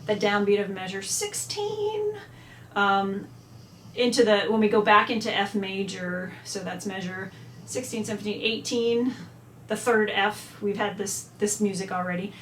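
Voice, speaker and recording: A music teacher with a mid-pitched voice gives a chatty instrument lesson at a measured pace, sometimes singing short phrases on syllables. She's in an echoey room with faint ambience and a little hiss or hum in the background.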